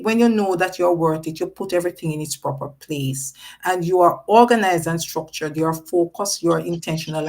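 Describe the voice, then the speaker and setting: A woman with a somewhat low voice hosts a live-streamed panel talk. She leans hard on her key points, repeating phrases for emphasis. She also breaks off to read viewer comments aloud. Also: rough recording. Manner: reads out viewer chat comments. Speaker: host.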